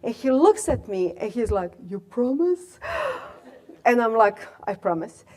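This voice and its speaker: Animated woman telling a story. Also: fairly high pitch, normal speed. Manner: animated, many fillers. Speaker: guest speaker, alumna. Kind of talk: storytelling talk. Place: lecture room.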